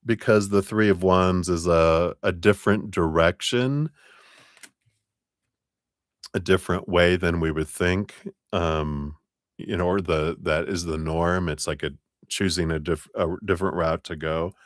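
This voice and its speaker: Low-voiced man giving a tarot reading. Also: measured pace, no room sound, clean studio sound. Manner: relaxed, musing, many fillers and restarts. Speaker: tarot reader.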